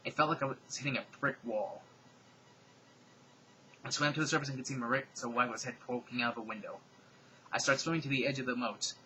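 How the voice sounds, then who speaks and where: A man giving a comedic, dramatic reading of fan fiction, with deadpan, sarcastic asides. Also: medium pitch, a little hiss or hum, rough recording.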